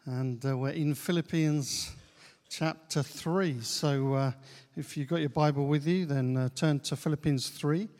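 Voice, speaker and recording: A man preaching a sermon in a church, unhurried, pausing often with "uh" and repeating key phrases. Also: on the high side, steady tone, darkish tone. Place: church hall. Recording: long church-hall reverb.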